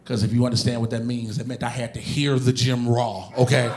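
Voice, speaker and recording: A man performing a stand-up comedy routine on stage, telling animated, profane stories and bursting into shouted impressions. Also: mid-range voice, fairly quick, background noise. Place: comedy stage before a live audience.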